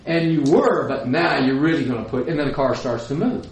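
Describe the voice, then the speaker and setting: A man's voice: medium pitch, animated, brisk, poor audio. A man preaching a sermon, reading scripture and leading the congregation to say lines back, with folksy asides. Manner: leads congregation in call-and-response, folksy asides.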